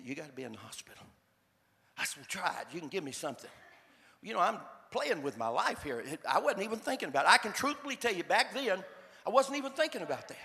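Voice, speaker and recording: An older man with a drawl tells a sermon story in a folksy, repetitive way, stumbling over his restarts. His voice sits high and bright with a gravelly edge. It echoes with a long reverb, as if he were in a large church hall. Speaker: preacher.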